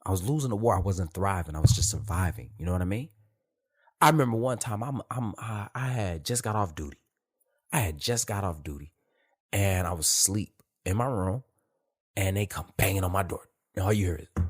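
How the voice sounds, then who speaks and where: A man's voice: low voice, very animated, normal speed, breathy edge. A man telling profane stories from his time in the military in casual street slang. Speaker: host. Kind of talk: casual storytelling monologue.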